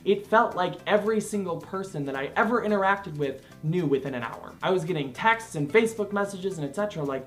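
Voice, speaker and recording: A young man telling a personal story to camera, animated and expressive, acting out quotes with laughter along the way. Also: sits high, a little fast, few pauses, soft background music. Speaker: vlogger.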